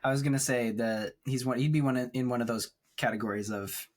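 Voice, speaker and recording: A man's voice: medium pitch, fairly even intonation, brisk. A man co-hosting a film podcast, talking in a thoughtful, rambling way with frequent laughs. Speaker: podcast co-host. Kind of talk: casual chat. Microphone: remote recording setup.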